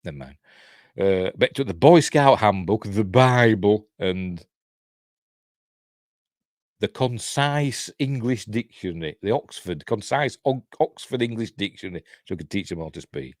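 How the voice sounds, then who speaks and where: A man's voice: on the low side, expressive, unhurried, a little mellow, no echo, studio quality. Rambling Yorkshireman reviewing a film. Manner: rambling with chuckling asides.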